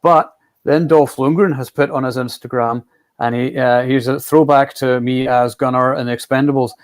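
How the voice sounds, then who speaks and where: A man in his forties with a mid-range voice, talking through film news in a measured, hesitant way. He pauses on "um" and "like" while he thinks out loud. He sounds easygoing and conversational. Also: mid-range voice, fairly even intonation. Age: 40s. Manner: measured, hesitant, many "um" and "like" fillers. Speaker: co-host of a movie podcast. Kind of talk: casual chat.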